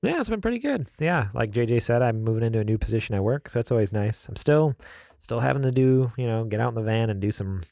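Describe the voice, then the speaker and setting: A man's voice: medium pitch, expressive, fast talker, gravelly, mellow, no room sound. A man hosting a gaming podcast in a studio, who chats casually and laughs easily. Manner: laughs often, easygoing. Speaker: podcast host. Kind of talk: casual chat.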